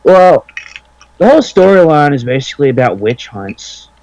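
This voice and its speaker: A man's voice: a little high, big pitch swings, normal speed, gravelly, a little mellow, dry recording, lo-fi sound. Rambling guy chatting over a game. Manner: rambling, filler-heavy, profane. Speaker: let's play commentator. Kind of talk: casual gaming chat.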